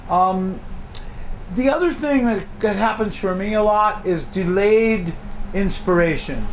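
A middle-aged man teaching a songwriting workshop, animated, acting out his own reactions as he talks. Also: sits high, a little hiss or hum. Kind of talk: workshop talk to a class.

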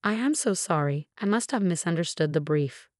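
Woman reading a nervous make-up artist, falsely reassuring, lowish, dry. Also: expressive, normal speed, dry recording, lightly acted.

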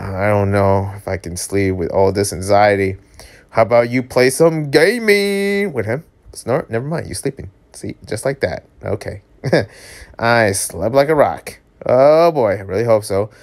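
Brief: man reading a romance comic aloud, casual, jokey, animated reactions. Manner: animated, jokey, yelps high on surprise. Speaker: channel host reading a webcomic aloud.

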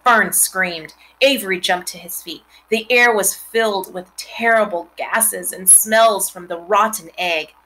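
A woman reading a children's novel aloud, expressive, with chatty asides to her listeners. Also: medium pitch, unhurried, hardly any pauses, rough recording. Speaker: reader.

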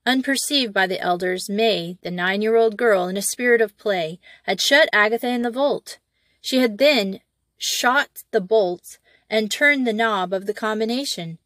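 A woman's voice: mid-range voice, no room sound. Woman reading a classic story aloud. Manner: steady storytelling with small slips. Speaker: audiobook reader.

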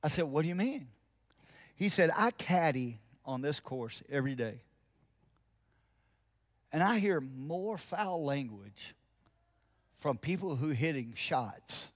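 Man, 50s, pastor, storytelling sermon, slightly high voice, soft intense asides. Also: big pitch swings, slow, long pauses.

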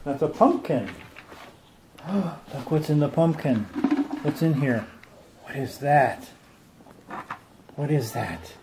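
A man's voice: on the high side, lively intonation, takes it slowly, pauses often. An older man, a grandfather, talking playfully with small children at home in a coaxing, sing-song way. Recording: noisy home video.

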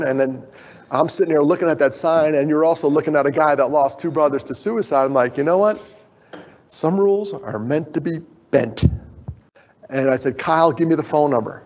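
This conference speaker, a man with a medium-pitched, darkish voice, talks briskly with fairly even intonation. He tells stories on stage and animatedly performs the voices of those he quotes. The hall echoes and the audio is dull.

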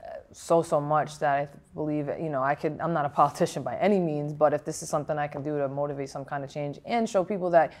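Low-voiced frank woman boxer. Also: fairly even intonation, fast talker, a little mellow. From Providence, Rhode Island, USA. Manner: frank, reflective, with fillers and restarts. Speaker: professional boxer. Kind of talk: candid interview answers.

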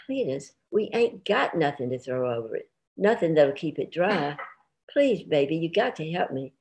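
A woman's voice: low-pitched, big pitch swings, normal speed, darkish tone, a little hiss or hum. A woman reading the part of a chatty farm wife who coaxes and pleads in folksy dialect. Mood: pleading. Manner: sweet-talking, pleading, folksy.

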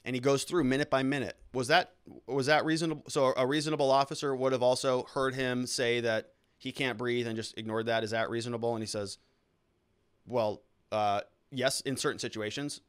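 A man's voice: medium pitch, little pitch movement, quick pace, a bit bright, clear, resonant tone. A man hosting a show, giving casual legal commentary on courtroom testimony and explaining it step by step. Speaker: lawyer hosting a trial analysis show.

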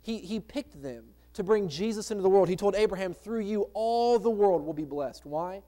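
A man's voice: high voice, lively intonation, normal speed, dark tone. A man preaching a sermon as pastor, in a conversational way with rhetorical questions to the congregation. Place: church sanctuary.

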